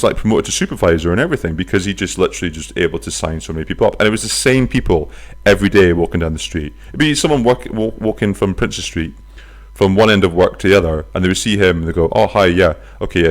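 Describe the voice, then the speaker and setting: A man hosting his own podcast, chatting casually from his flat, telling stories with silly voices and some swearing. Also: deep voice. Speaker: podcast host. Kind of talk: casual solo podcast chat. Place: flat near a bus stop.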